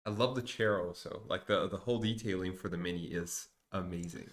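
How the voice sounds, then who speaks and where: A man's voice: low voice, a little fast. A man co-hosting a casual livestream, agreeable and chiming in briefly. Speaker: co-host.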